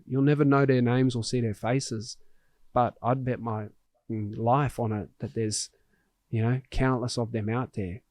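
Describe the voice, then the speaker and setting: A man hosts a podcast and tells a story in an earnest, heartfelt voice at a middle pitch. He often restarts his sentences as he searches for words. The sound is dry and close. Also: warm tone, dry recording. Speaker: podcast host. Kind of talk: conversational storytelling.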